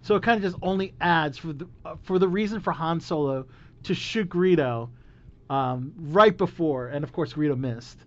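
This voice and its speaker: A man's voice: on the high side, moderate pace, fairly bright tone. A man hosting a podcast in casual chat, rambling with many fillers and laughing often. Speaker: podcast host. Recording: dull lo-fi recording.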